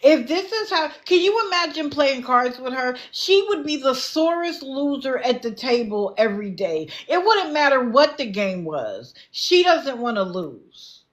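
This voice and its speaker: A woman's voice: sits high, sing-song, measured pace, hardly any pauses. A woman doing casual livestream commentary, blunt and lecturing, with an exasperated edge. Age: adult, not young.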